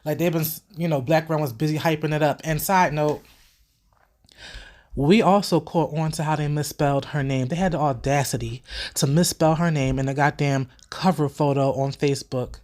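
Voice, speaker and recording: A young woman hosting her own vlog, talking straight to her viewers in casual opinion commentary, animated and swearing freely, her nose still a little stuffy from a cold. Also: sits low, moderate pace. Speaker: vlogger host.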